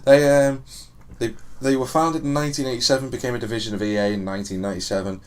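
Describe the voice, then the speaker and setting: A young man co-hosts a podcast, bantering, laughing a lot, and reading out the news in casual chat. He talks fast in a medium-pitched, slightly mellow voice with fairly even intonation.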